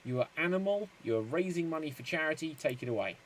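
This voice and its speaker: A man hosting a live-streamed improv show, upbeat and quick to laugh. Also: fairly high pitch, expressive, slight background noise. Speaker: improv game host.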